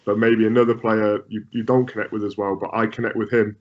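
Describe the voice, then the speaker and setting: A man's voice: fairly low pitch, little pitch movement, a little fast. A man being interviewed as a goalkeeping coach, talking through his ideas with frequent repeats and restarts. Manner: repeats words, many restarts. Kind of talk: conversational interview answers. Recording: muffled lo-fi audio.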